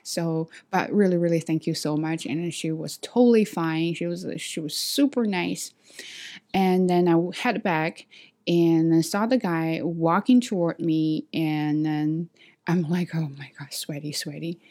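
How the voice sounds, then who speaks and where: A woman telling a story to camera in a vlog, hesitant with many fillers and restarts, animated when she acts out what others said. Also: lowish voice, unhurried. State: sweaty after a walk. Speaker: vlogger.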